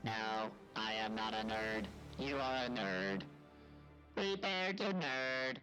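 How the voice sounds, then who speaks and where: Filtered robotic machine envoy, stiff formal phrasing, bright edge, faint music behind, voiced by a man. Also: mid-range voice, takes it slowly, poor audio. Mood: teasing. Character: cold formal machine intelligence, male, fleet envoy. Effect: voice-changer filter. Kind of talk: in-game voice acting on a stream.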